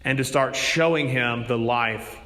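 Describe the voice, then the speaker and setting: A man's voice: medium pitch, a little slow, bright, forceful tone, in a large hall. A man preaching a sermon, telling stories in an earnest manner. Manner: storytelling, earnest.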